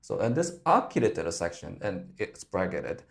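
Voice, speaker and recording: A man's voice: low-pitched, very animated, moderate pace. A man coaching singing, explaining a song's phrasing and now and then demonstrating lines. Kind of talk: vocal lesson breakdown.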